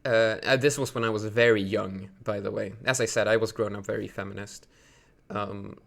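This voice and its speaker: A man's voice: on the low side, fairly even intonation, moderate pace, gravelly. A man from Sweden, ranting on a live stream in a rambling, indignant way full of fillers. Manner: rambling, indignant, many fillers, bursts louder when outraged.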